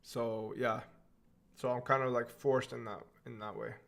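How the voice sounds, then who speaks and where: A young man hosts a relaxed live question-and-answer stream, reading viewer questions aloud and answering off the cuff. His voice sits at an average pitch, and he talks in an easygoing, offhand way, often tossing in "man" at the end of a line. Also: unhurried, gravelly. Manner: laid-back and offhand, often says "man". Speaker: livestream host.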